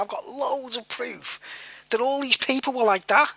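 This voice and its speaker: A man's voice: very high voice, moderate pace, creaky, sharp tone, dry recording. A man telling a personal story in a rambling, repetitive way, full of fillers and the odd swear word. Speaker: vlogger.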